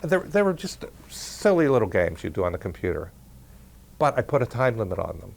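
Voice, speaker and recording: A man, a researcher, telling a story in a relaxed conversational talk and acting out the quoted dialogue. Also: fairly low pitch, fairly quick, creaky. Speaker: parapsychology researcher.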